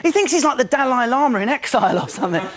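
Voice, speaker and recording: A man's voice: very high voice, big pitch swings, very fast. A man doing a mocking comedy monologue as a panellist on a live TV studio show, often mimicking people in silly voices. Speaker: comic panellist. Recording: loud studio audience laughing.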